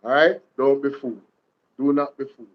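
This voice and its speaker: A man's voice: mid-range voice, fairly quick, dull audio. A man with a Jamaican accent hosting political commentary, repeating lines and speaking to his viewers like a preacher. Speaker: commentary vlog host.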